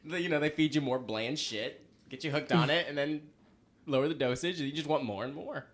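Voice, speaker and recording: A man's voice: on the high side, brisk. A young man and band frontman telling rambling, self-mocking stories in casual chat, laughing often. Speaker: podcast guest, band frontman.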